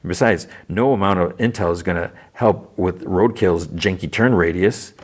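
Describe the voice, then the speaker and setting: A man's voice: sits low, normal speed. A man voicing a cocky young woman scout in a smug, knowing way.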